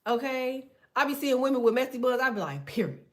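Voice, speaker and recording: In a high, brisk voice, a middle-aged woman chats with viewers while reading cards. She's casual and lively, full of slang, stories, and lots of laughter.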